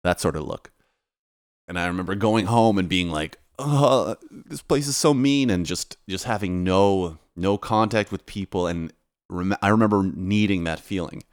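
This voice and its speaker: A man's voice: low voice, moderate pace, clear, resonant tone, no room sound, clean studio sound. A man, talking to camera in a loose, rambling monologue with lots of restarts. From Canada. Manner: rambling, relaxed, many restarts. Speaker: DJ and vlogger. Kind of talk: casual monologue.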